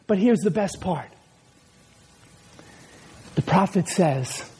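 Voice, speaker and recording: A man preaching a sermon, telling a story with animated, conversational energy. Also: high-pitched, slow pace, pauses often, husky. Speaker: pastor.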